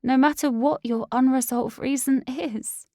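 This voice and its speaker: A woman's voice: sits high, fairly even intonation, measured pace, warm tone, dry recording, studio quality, voice pushed up. A woman voicing a desperate young werewolf girl, pleading and tearful, in an audiobook. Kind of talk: audiobook character voice.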